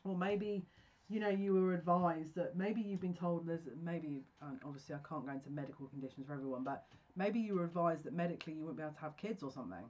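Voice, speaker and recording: A woman's voice: deep voice, quick pace, darkish tone, lo-fi sound. Gushing woman reading tarot cards. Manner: effusive and emotional, gushing with restarts. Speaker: tarot card reader. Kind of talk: pick-a-card tarot reading.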